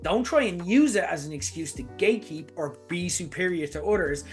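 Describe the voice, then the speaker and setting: Ranting man with a slightly high voice. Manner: emphatic, exasperated, swears for emphasis. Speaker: host. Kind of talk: opinion rant. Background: faint lo-fi background music.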